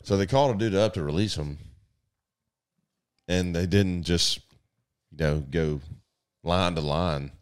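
A man who works as a sheriff's deputy, telling profane jail and patrol stories in a casual, animated way. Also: low-pitched, measured pace, pauses often, smooth. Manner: profane, animated storyteller, loud when acting out the chase. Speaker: sheriff's deputy in livestock division. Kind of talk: casual storytelling.

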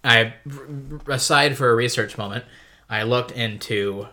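A man's voice: mid-range voice, moderate pace, sharp tone. A man co-hosting a casual book podcast, rambling through enthusiastic tangents with restarts. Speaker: podcast co-host.

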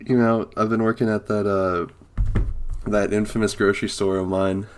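A young man with a cold, co-hosting a casual comedy podcast and joking in a deadpan way. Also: on the low side, moderate pace, slight background noise. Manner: joking, deadpan, swears a lot. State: has a cold. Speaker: podcast co-host.

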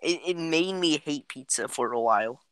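Brief: bright, sharp-toned co-host, easygoing banter, dry sound. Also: medium pitch, expressive, moderate pace, clear, resonant tone, no echo. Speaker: podcast co-host. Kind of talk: casual chat.

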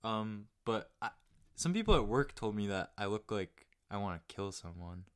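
A man's voice: fairly low pitch, sing-song, moderate pace, clean tone. A young man in casual chat, laid-back and self-mocking, swearing freely.

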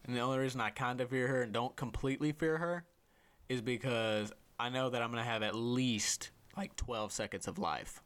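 A man's voice: mid-range voice, normal speed, fairly bright tone. A man hosting a casual chat, telling stories animatedly, swearing freely and acting out other people's voices. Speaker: host.

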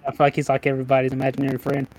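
A young man joking around on a podcast with his friends, playful and full of slang, his sentences strung together with filler words. His voice is mid-pitched and plain. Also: monotone, rapid-fire, noisy background. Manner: playful, slangy, leans on "like" and "dude". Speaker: podcast co-host. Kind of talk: casual chat among friends.

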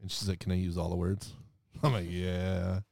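A man's voice: low-pitched, little pitch movement, moderate pace, vocal fry, darkish tone, no room sound. A man chatting casually as a co-host, a father who teases with dry humor and laughs often. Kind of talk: casual profane chat.

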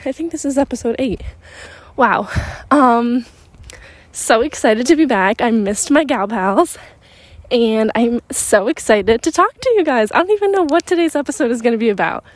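Young woman, bubbly rambling podcast chat, slightly breathless, recorded outdoors in wind, fairly high voice. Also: animated, normal speed, no room sound. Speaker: podcast host. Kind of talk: casual chat. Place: outdoors on a walk in a neighborhood, windy.

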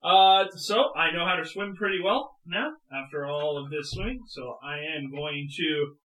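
A man taking part as a player in a tabletop game, making joking, deadpan asides. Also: on the high side, moderate pace, reverberant, low-quality recording.

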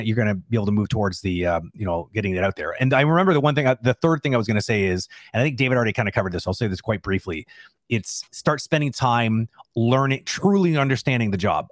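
A man's voice: medium pitch, dry recording, clean studio sound. A man co-hosting a casual advice chat, emphatic and encouraging, firing off rhetorical questions. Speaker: co-host of an animation Q&A show.

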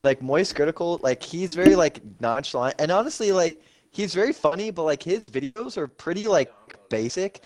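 A young man in casual podcast chat, rambling and excitable, swearing often and filling with "like". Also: on the high side, moderate pace.

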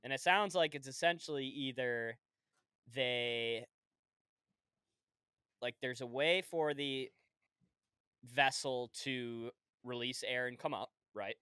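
A man's voice: mid-range voice, slow pace, pauses often, bright, forceful tone, clean tone, no echo, studio quality. A young American man co-hosting a podcast, bantering in a laid-back, profane way. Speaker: podcast co-host. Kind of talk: casual chat.

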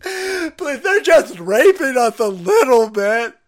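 A man voicing a whiny, pleading woman in a mocking way, high and tearful with whimpering sobs. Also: very animated, slow, heavily acted. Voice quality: high, whimpering, crying put-on voice. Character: whiny pleading mocked woman, sobbing and begging. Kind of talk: sarcastic mockery on a live stream.

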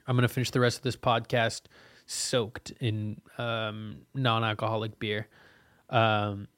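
A man's voice: medium pitch, fairly bright tone, no room sound, clean studio sound. Profane rambling young man podcaster. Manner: rambling and profane, frequent fillers; frustrated venting. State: cold and soaked. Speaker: podcast host. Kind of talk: casual solo podcast monologue.

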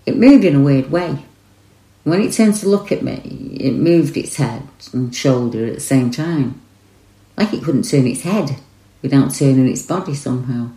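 A woman voicing a shaken eyewitness who retells a forest encounter in the first person, earnest and rushed. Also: rumbling low, lively intonation, warm tone, roomy sound, poor audio.

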